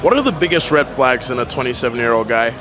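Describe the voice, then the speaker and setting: A man's voice: mid-range voice, animated, quick pace, music in the background. A man interviewing people on the street with short, blunt questions.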